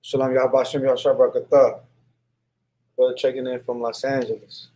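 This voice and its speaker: A man's voice: mid-range voice, little pitch movement, fairly quick, dark tone. A man teaching a word list in a casual spoken lesson, sounding out syllables one by one and often asking "right?". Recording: echoey room sound.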